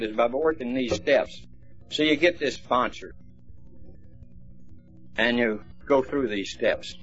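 A man's voice: fairly low pitch, vocal fry, fairly bright tone. A man speaking at a recovery meeting, telling stories in a folksy, plainspoken way. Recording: dull lo-fi recording, faint music.

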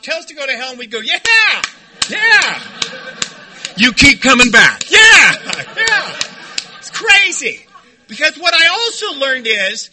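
High-pitched, bright-voiced man telling stories. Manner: animated and joking, shouts when acting out quotes. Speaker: recovery meeting speaker. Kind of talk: storytelling talk to a meeting. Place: meeting room before a group.

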